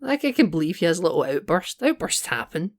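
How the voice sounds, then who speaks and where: A man co-hosting a podcast, chatting casually and animatedly about a film, quick to laugh. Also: a little high, very animated. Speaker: podcast co-host.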